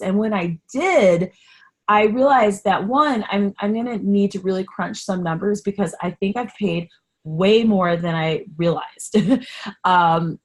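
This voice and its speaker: A woman hosting a solo podcast in a candid, chatty way, sarcastic about herself and passionately encouraging. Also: mid-range voice. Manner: animated, encouraging, gets passionate. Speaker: podcast host. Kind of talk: casual solo podcast talk.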